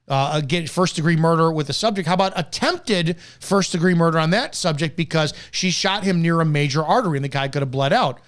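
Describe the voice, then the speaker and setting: A man hosting a live commentary show, reacting to news clips in a blunt, profane, ranting way. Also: a little high. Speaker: host.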